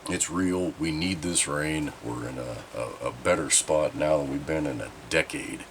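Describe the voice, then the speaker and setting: Low, congested nasal male vlogger. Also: moderate pace, a little hiss or hum. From Southern Oregon. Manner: rambling, chatty and candid, with mild swearing. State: congested nasal voice from sinus infection. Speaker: channel host. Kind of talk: casual vlog update.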